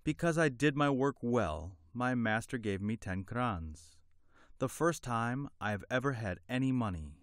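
Poor, honest, trusting working man, voiced by a male narrator; earnest and plain, slow storybook pace. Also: mid-range voice, animated, dry recording, studio quality, lightly acted. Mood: earnest, dismayed.

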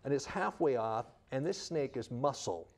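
A middle-aged children's missionary, interviewed, spins stories with lively energy, performing the voices of those he quotes. His voice is mid-range and his pace moderate.

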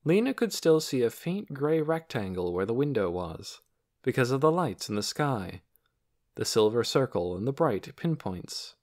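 A man narrating an audiobook chapter in an expressive storytelling manner. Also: normal speed. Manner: expressive storytelling with lively pitch. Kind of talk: scripted narration.

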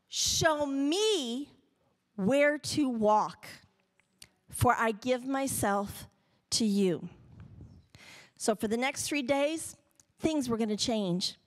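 A middle-aged woman, giving an animated spoken testimony to a church congregation and acting out the voices she quotes. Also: high-pitched. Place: church sanctuary.

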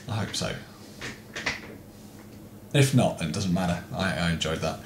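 A man's voice: low-pitched, moderate pace, pauses often, echoey room, noisy background. A young man commenting on a horror game as he plays, jumpy and frustrated, swearing often. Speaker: gaming video host.

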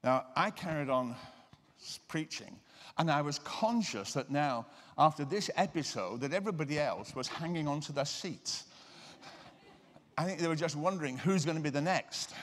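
A male preacher gives a lecture in a large hall, and a long reverb hangs on his voice. He speaks emphatically, in a slightly higher register than most men, and slows down to press home key words. He mixes scripture with personal stories. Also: animated, fairly bright tone. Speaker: guest lecturer and deliverance minister.

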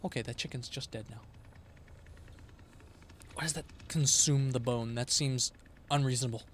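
A man streams a horror game with live commentary, his medium-pitched voice at a moderate pace against slight background noise. Scares set off excited yelps and shouts, and otherwise he mutters quietly to himself.

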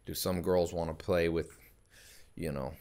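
A man's voice: deep voice, fairly even intonation, a little slow, darkish tone. A man talking as a podcast guest in casual conversation, emphatic and anecdotal, often laughing in the middle of his sentences. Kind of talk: casual chat.

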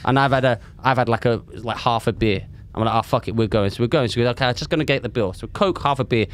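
A man's voice: medium pitch, fast, clean tone. A man telling a story on a casual podcast, laughing often and swearing freely. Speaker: podcast co-host. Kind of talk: casual chat.

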